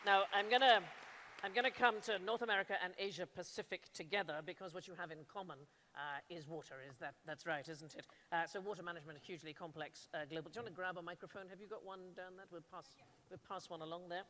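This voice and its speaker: A woman moderating a live panel at an awards event, asking questions briskly and with encouragement. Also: on the low side, fairly bright tone, a little hiss or hum. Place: large event hall. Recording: long hall reverb.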